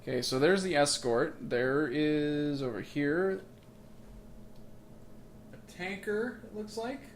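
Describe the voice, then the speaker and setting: Man hosting a let's play, slightly high voice, jokey rambling commentary, faint background noise. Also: expressive, takes it slowly. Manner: joking, rambling asides. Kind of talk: casual gameplay commentary. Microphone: makeshift mic setup.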